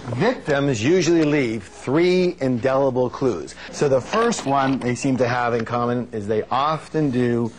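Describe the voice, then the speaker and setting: A man giving a live motivational seminar on stage, energetic and playful, drawing call-and-response answers from the audience. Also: a little slow, few pauses, a little hiss or hum. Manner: playful, acts out quotes in high silly voices.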